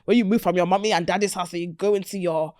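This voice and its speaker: A woman hosting a podcast interview in an upbeat, playful manner full of slang and shout-outs. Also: lowish voice, steady tone, quick pace, dry recording, studio quality. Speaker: podcast host. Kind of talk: lively interview chat.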